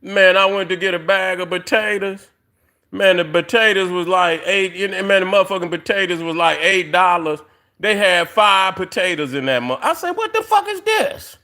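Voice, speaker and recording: A man's voice: sits high, steady tone, normal speed, bright, forceful tone. A middle-aged man ranting on a casual livestream, profane and rambling, with lots of fillers, talking straight to his viewers. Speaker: livestream host.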